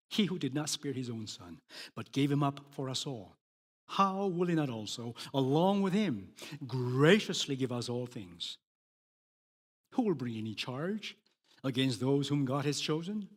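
A man preaching a sermon, emphatic, swinging between loud declarations and hushed words. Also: medium pitch, animated, measured pace. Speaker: pastor. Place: church sanctuary. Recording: long hall reverb.

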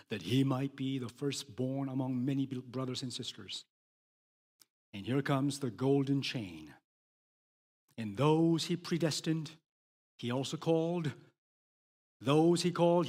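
A man preaching a sermon, emphatic, swinging between loud declarations and hushed words. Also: mid-range voice. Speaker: pastor. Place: church sanctuary. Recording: long hall reverb.

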